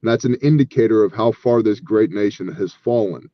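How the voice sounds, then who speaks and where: A man's voice: fairly low pitch, a little fast, dull audio. A man who leads a relief ministry, telling stories earnestly and with animation as an interview guest, acting out the dialogue.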